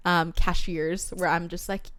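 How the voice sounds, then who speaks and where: A young woman co-hosting a podcast in casual chat, giggly and animated, often laughing mid-sentence. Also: fairly low pitch, measured pace, no room sound. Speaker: podcast co-host.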